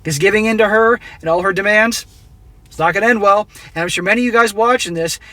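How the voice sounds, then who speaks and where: A middle-aged man delivers a blunt, preachy monologue as a commentary host. His voice sits high for a man and sounds bright and forceful. The recording is dry, with no room sound. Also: quick pace, no echo. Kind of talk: opinionated monologue reacting to a read-out story.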